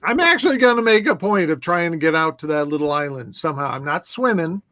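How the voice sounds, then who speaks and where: A man's voice: fairly high pitch, quick pace, dry recording. A man co-hosting a casual drinks-industry chat, joking with the guests. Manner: joking, animated. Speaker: co-host.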